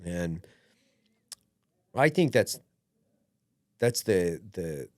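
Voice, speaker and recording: Low voice but real lively up and down, podcast guy, dry close sound. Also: extremely slow, dry recording. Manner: animated, acts out his own replies. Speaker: podcast co-host. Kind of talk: casual podcast chat.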